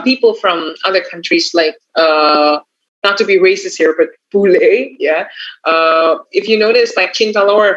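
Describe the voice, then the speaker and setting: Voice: mid-range voice, fairly bright tone. Chatty tutor with an Indonesian accent. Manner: chatty, tacks on frequent "yeah" and "you know". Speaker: English test tutor. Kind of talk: casual teaching talk. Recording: dull lo-fi recording.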